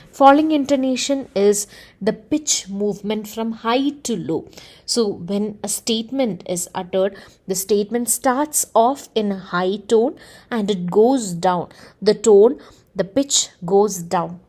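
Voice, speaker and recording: A woman's voice: mid-range voice, a little mellow. A woman teaching an English lesson, explaining carefully and speaking example sentences aloud. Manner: measured, explains with spoken examples. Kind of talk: explanatory lecture.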